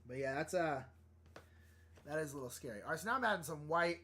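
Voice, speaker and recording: A man's voice: a little high, lively intonation, fast talker, sharp tone, breathy edge. A young man chatting casually on a live stream while drawing, thinking aloud and laughing often. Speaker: livestream artist.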